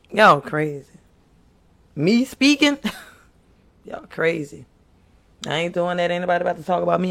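A faith speaker preaches to his viewers with impassioned, earnest exhortation, pleading and repeating himself. His voice is high-pitched with a fairly bright tone.

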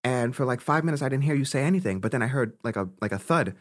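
Fast and mid-range in pitch, a young male podcast co-host launches into a long, casual story. He's lively and foul-mouthed, breaking into laughter between curses.

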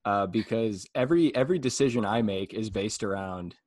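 A man hosting a comedy podcast, talking in a rambling, halting way and laughing often between thoughts. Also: on the low side, darkish tone, dry recording. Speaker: podcast host and stand-up comedian. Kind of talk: casual podcast chat.

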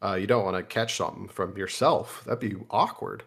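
A man's voice: lowish voice, brisk, creaky, fairly bright tone, slightly rough. A young man co-hosting a casual podcast, telling crude stories in a rambling, jokey way. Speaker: podcast co-host.

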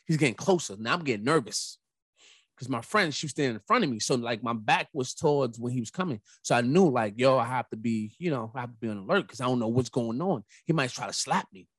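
A young adult man hosting a casual solo podcast, telling rambling, animated stories with emphatic asides. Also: mid-range voice, quick pace, husky, dry recording. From New York. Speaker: podcast host.

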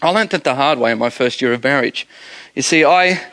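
A man's voice: mid-range voice, fairly quick. A male pastor giving a conversational, humorous sermon. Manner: conversational, animated preaching with humor.

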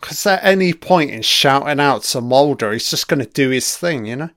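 A man's voice: mid-range voice, expressive, moderate pace, a bit bright, no echo, clean studio sound. A man giving a casual commentary on a TV episode, chatty and swearing freely, laughing along as he watches.

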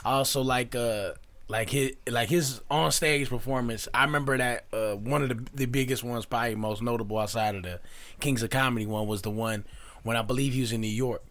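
A man co-hosting a casual podcast chat, speaking at a middle pitch. He tells his story in an animated way, full of "like" and quick restarts. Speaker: podcast co-host.

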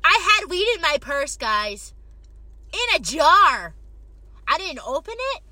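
Young female co-host, high and lively, loud and profane. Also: takes it slowly. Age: young adult. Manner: swearing, says she is high, exclaims loudly. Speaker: podcast co-host. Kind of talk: casual chat.

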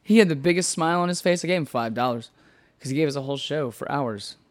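Animated young man telling stories. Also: fairly high pitch, quick pace. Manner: animated storytelling, lots of swearing and "like". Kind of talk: casual chat.

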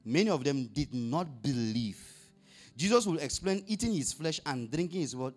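A man's voice: a little high, expressive, normal speed, faint music behind. A male pastor preaching a sermon, asking the congregation questions and rising to emphatic bursts on scripture.

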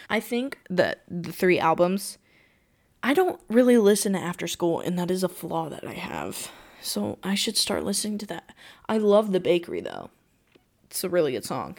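A woman's voice: on the low side, big pitch swings, measured pace, vocal fry. A teenage girl hosting her own podcast, chatting casually and gushing with lots of exclamations. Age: teens. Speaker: podcast host. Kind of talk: casual solo chat.

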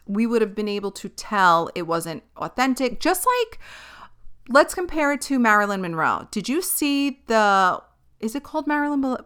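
A young woman hosting her own podcast, talking in a loose, chatty way. Her voice is bright and smooth, and she often stops mid-thought and picks it back up. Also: medium pitch. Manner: chatty, animated, self-interrupting. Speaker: podcast host. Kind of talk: casual chat.

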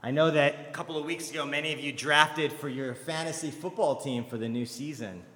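A man's voice: fairly high pitch, fairly quick, in a large hall. A young man preaching a sermon in a church, telling stories in a conversational way. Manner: conversational storytelling, animated when quoting others. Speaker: pastor.

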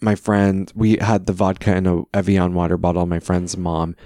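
A man's voice: low-pitched, completely flat delivery, moderate pace, mellow, dry recording, clean studio sound. A man hosting a podcast, chatting casually and telling self-deprecating stories. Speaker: podcast host. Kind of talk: casual chat.

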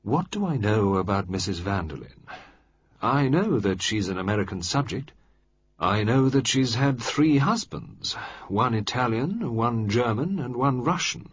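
A male narrator voicing a shrewd, self-assured older government minister who speaks in a dry, measured, decisive way. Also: medium pitch, slightly rough, dry recording, pitched above the performer's own voice. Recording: slightly muffled dry recording.

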